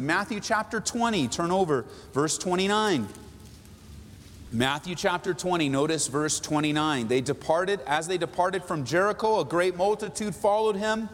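A man preaching a sermon as pastor, animated and dramatic, acting out prayers with big swings in pitch and loudness. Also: big-room sound, slight background noise.

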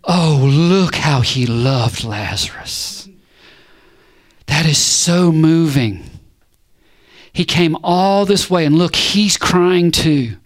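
A man putting on the voice of a sentimental churchgoer who gushes in slow, drawn-out, sighing tones. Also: on the high side, expressive. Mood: gushing. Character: gushing sentimental churchgoer, mock-tearful.

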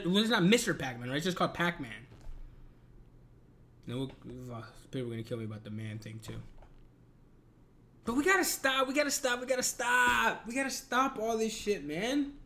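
High-voiced, exasperated man ranting. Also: pushed and bright. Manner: profane, exasperated, emphatic. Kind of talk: casual ranting commentary.

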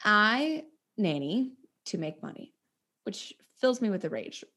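A woman's voice: medium pitch, very animated, a little slow, a bit bright. Blunt, outspoken young woman chatting. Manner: blunt, outspoken, swears freely, tells stories with acted-out quotes. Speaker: podcast co-host. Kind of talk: casual chat.

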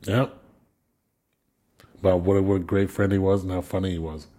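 Husky man telling lively stories. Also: deep voice, moderate pace. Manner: animated storyteller, laughs a lot, repeats words. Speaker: guest musician. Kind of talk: casual storytelling chat.

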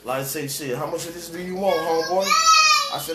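A man telling a long story in casual chat, heavy on street slang and full of fillers and restarts, acting out what people said. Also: on the high side. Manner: rambling, heavy street slang, acts out quoted dialogue; halting with many fillers and restarts. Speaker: storyteller in conversation. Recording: echoey room with background noise.

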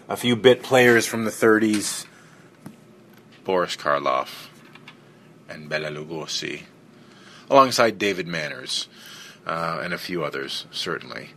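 Male podcast host, very deep and unhurried, rambling with fillers, bright tone. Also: a little hiss or hum. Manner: rambling, relaxed, many fillers. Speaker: podcast host and film reviewer. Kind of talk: casual solo podcast talk.

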